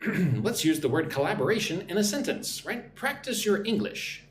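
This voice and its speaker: A man teaching English vocabulary live, his pitch rising and falling with lively movement. He spells words out slowly syllable by syllable and keeps checking in with "right?", while his voice rings in an echoey room with a faint ambient hum behind it. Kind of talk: live-streamed vocabulary lesson.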